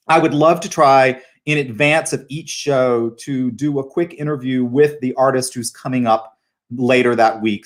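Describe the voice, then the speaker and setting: A middle-aged man hosting a casual video call interview, chatty and relaxed with plenty of fillers. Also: medium pitch. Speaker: host.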